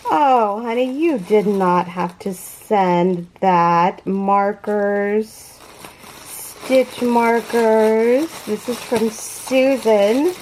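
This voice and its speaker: A woman's voice: mid-range voice, drawn-out words, darkish tone, slight background noise. A woman hosting a crochet unboxing vlog, gushing and awed, gasping and close to tears. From California. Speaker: crochet channel host.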